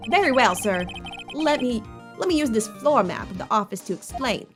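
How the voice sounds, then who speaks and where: A woman voicing a loud, eager male police detective in a courtroom game, barking out his lines. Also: on the high side, expressive, normal speed, over music, natural voice.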